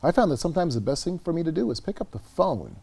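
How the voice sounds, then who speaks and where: Canadian guy telling a story in an interview, darkish husky voice, earnest, repeats himself a lot. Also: on the high side, quick pace. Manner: earnest, animated storyteller who repeats words. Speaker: guest, researcher and author.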